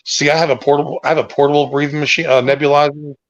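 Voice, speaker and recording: A co-host on a casual livestream chat, this man has a fairly high voice with little pitch movement and talks rapid-fire. He tells rambling, hesitant stories full of restarts. The dull, dry audio comes from a lo-fi mic.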